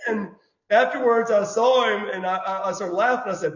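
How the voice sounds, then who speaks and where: A man, telling stories casually as an interview guest, animated and prone to repeating words. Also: sits high, normal speed. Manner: animated storyteller, says "brother", repeats words. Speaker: guest, former wrestler. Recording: dull lo-fi audio in an echoey room.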